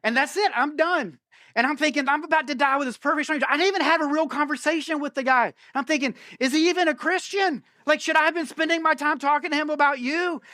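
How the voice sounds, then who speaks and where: Male pastor, middle-aged, bright and high, animated storyteller in a sermon. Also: fast, hardly any pauses, no room sound, studio quality. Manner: animated storyteller, acts out his own panicked thoughts. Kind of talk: sermon with a humorous personal story. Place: church auditorium.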